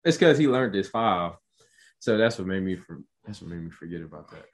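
A young man co-hosting a casual podcast, excitable and slangy as he reacts to a show. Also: deep voice, a little fast. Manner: excitable, slangy, rises sharply when enthused. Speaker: podcast co-host. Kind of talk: casual podcast recap chat.

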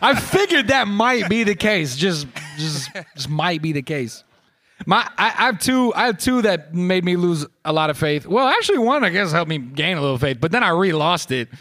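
High-voiced man telling a rambling comic story. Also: big pitch swings, normal speed, sharp tone. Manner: rambling, profane, self-mocking storytelling. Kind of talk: comic storytelling on a live podcast.

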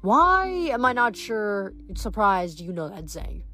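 A woman's voice: mid-range voice, big pitch swings, slow, bright, forceful tone, soft background music, exaggerated voice. Lady reading cheeky teasing teen boy, jokey, storybook. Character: joking teenage boy mechanic, cheeky.

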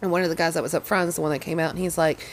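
A young woman telling a story in casual chat, lively and swearing freely. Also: sits low, very fast. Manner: animated, swears freely, acts out quotes. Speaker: podcast co-host.

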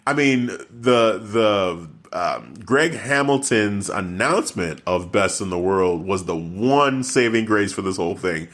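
A man co-hosting a casual wrestling podcast, talking with animated outrage and frequent stammered restarts. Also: fairly low pitch, measured pace, hardly any pauses. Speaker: podcast co-host.

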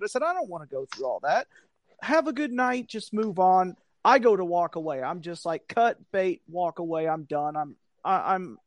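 A man's voice: sits high, no echo, studio quality. A man telling a work story in casual chat, acting out the quotes with lots of swearing. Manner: animated, acts out quotes, profane. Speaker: storyteller, security guard.

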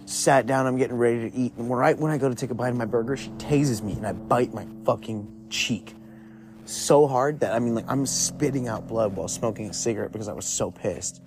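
A man's voice: mid-range voice, fairly quick, background noise. A young man telling a story in a loose, rambling way, swearing constantly and filling with "like". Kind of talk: casual profane storytelling.

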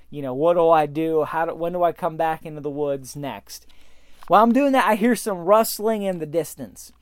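A man hosting a podcast, telling a story in an animated way that speeds up and slows down. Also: high voice, clear, resonant tone, no echo, clean studio sound. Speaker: podcast host.

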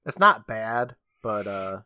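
A man's voice: fairly low pitch, big pitch swings, takes it slowly, pushed and bright, no room sound. A man co-hosting a podcast, recapping an episode in a casual, joking storytelling manner with casual swearing. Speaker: podcast co-host.

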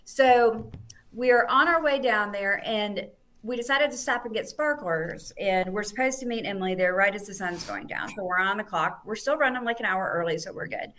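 A woman in an easygoing podcast chat, telling a story with a mid-range voice. She jumps into quoted voices and swings her pitch up and down as she goes. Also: moderate pace. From United States. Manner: animated, quotes people in lively voices. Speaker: podcast guest.

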